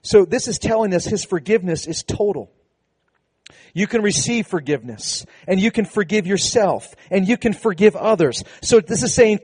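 A man preaching a sermon to a congregation, emphatic, slowing down on key phrases and leading call-and-response. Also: very high voice, darkish tone, dry recording. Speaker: pastor.

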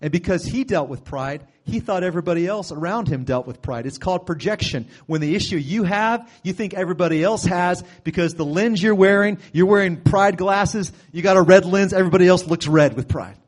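Male preacher, slightly high voice, casual storytelling sermon, sudden loud outbursts. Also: a little fast, few pauses.

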